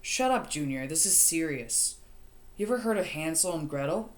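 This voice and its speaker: A woman's voice: low voice, lively intonation, moderate pace. A woman reading an audiobook, voicing a bossy teenage boy who gives urgent orders. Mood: commanding. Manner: commanding, urgent.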